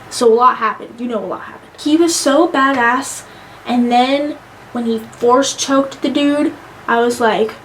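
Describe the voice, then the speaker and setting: A young adult woman giving a casual vlog movie review, excitable and gushing, swearing freely. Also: fairly high pitch, slight background noise.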